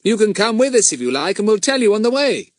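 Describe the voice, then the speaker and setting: Guy doing a clever cocky kid detective, quick and sure of himself, dry close sound. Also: high-pitched, sing-song, dry recording, pitched above the performer's own voice. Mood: confident. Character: clever confident boy, leader of young sleuths.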